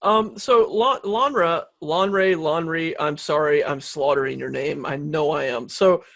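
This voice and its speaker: A man hosting a webinar, reading out audience questions in a relaxed, upbeat way. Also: on the high side, measured pace, gravelly, no room sound, clean studio sound. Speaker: webinar host.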